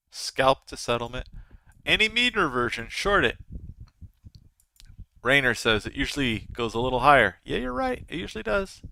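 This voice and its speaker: A man's voice: mid-range voice, vocal fry, bright, forceful tone. A man in his thirties hosting a live trading stream, chatting casually with his viewers as he comments. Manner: chatty, talks to viewers and chat. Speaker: livestream trading host.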